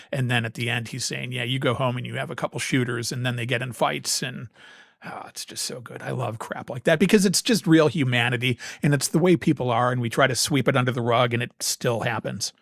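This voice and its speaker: A man's voice: medium pitch, fairly even intonation, fairly quick, fairly bright tone, dry recording, studio quality. A man co-hosting a podcast in casual chat, blunt and profane with his opinions. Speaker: podcast co-host.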